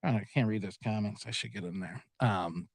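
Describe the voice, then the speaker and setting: A man's voice: fairly low pitch, fast, creaky, no echo. An American man hosting a solo betting podcast from a small booth, rambling in a profane, self-deprecating way. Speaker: podcast host.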